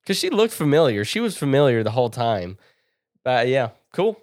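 A man's voice: mid-range voice, very animated, moderate pace, dry recording, clean studio sound. A man of twenty-three co-hosting a casual podcast with his father, laid-back and brief in his replies. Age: 20s. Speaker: podcast co-host, son. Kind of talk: casual chat.

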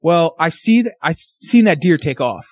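A man telling a hunting story as a podcast guest, animated, acting out his own and his friend's words. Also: a little high, normal speed.

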